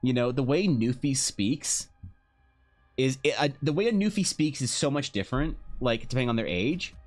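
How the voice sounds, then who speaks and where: A man's voice: medium pitch, lively intonation, normal speed, faint music behind. A Canadian man chatting casually on a live stream, rambling and sardonic, with the odd swear. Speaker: streamer and artist.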